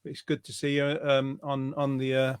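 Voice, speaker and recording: A man's voice: mid-range voice, completely flat delivery, normal speed, smooth, no room sound. A man hosting a casual online chat, rambling and friendly, on a video call. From England. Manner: warm, rambling, chatty with fillers. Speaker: host.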